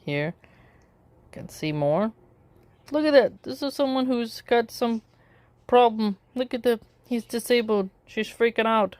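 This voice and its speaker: A woman's voice: fairly high pitch, a little slow, a little mellow, dry recording. A woman giving casual spoken commentary in a sarcastic way, full of rhetorical questions. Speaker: political commentator.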